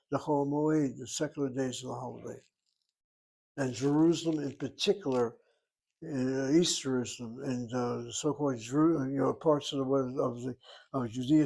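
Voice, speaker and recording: A man's voice: mid-range voice, gravelly, a little mellow, slightly rough. An older man teaching a Hebrew class, explaining words and asking and answering his own questions. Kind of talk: classroom lecture.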